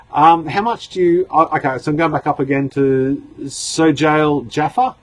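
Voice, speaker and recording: A middle-aged man hosting a casual live stream from home, talking in a relaxed, chatty way with frequent ums and restarts as he answers viewers. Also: on the high side, measured pace, rough recording. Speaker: livestream host answering chat questions.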